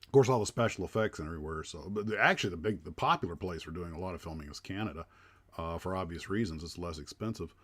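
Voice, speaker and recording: A man's voice: low-pitched, fast, a bit bright, slightly rough. A man hosting a casual livestream chat, talking in a rambling way with lots of fillers and restarts. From United States. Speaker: livestream host.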